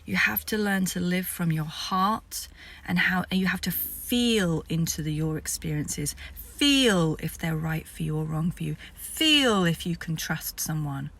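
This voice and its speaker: A woman voicing a graceful, wise female alien who gives calm, slow guidance. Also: fairly low pitch, distant mic, heavily acted. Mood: serene.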